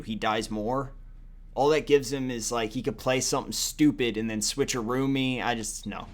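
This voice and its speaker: A young man giving casual, profane, sarcastic commentary on a card game he is playing, often muttering to himself. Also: medium pitch. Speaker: gaming video host.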